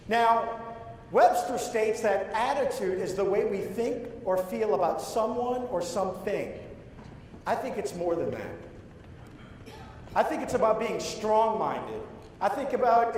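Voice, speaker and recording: A man's voice: high voice, darkish tone, slight background noise. A man giving a motivational keynote speech to a live audience, telling a story and asking the crowd questions. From Louisiana. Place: large hall with audience. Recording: echoey hall, from far off.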